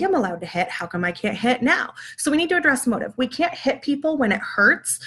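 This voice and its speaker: A woman's voice: a little high, fairly bright tone. A woman giving a casual live-streamed parenting lesson from home, explaining ideas through everyday examples in a conversational way. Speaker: parenting educator. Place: at home with her young children nearby.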